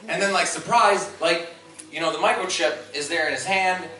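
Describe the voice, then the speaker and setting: A man in his thirties doing crude, animated stand-up comedy, often breaking into laughs, on stage in a large convention hall. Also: high voice, normal speed. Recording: echoey hall recorded from far off, noisy.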